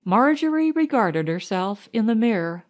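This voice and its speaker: Woman, audiobook narrator, unhurried, lively pitch, higher voice. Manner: expressive, unhurried reading. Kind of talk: storytelling narration.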